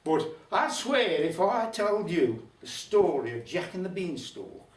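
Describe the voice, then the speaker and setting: Older Black Country male storyteller, wry and chatty; high, animated voice in a roomy hall, distant mic. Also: measured pace. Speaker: folk club storyteller. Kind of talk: humorous storytelling to a live audience. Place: folk club room.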